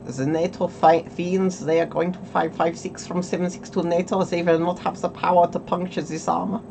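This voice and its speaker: A man's voice: sits high, flat delivery, normal speed, creaky, darkish tone, a little hiss or hum, pitched above the performer's own voice. A man putting on a put-on German accent to voice a stereotypical evil German male villain who gloats as he schemes. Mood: gloating.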